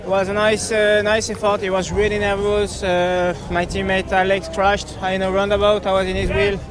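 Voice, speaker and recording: A man gives a hesitant outdoor interview after a race, his high voice staying flat. Crowd noise surrounds him. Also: normal speed. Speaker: interviewed athlete.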